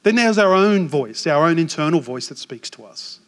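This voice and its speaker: An Australian man in his forties, a pastor preaching a sermon with animated, self-mocking stories. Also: fairly high pitch, moderate pace. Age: 40s. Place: church hall. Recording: long hall reverb.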